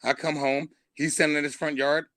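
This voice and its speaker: Male stand-up, lively storyteller, slightly high voice, dry close sound. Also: brisk, no room sound. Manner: animated, laughs through his punchlines. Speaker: stand-up comedian guest. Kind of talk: comic storytelling on a live stream.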